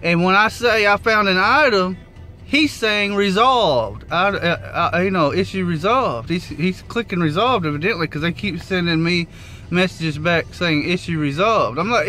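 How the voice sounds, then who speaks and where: A man telling a rideshare story in a casual vlog, animated and swearing freely as he acts out the quotes. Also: high-pitched, moderate pace. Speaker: rideshare driver vlogger.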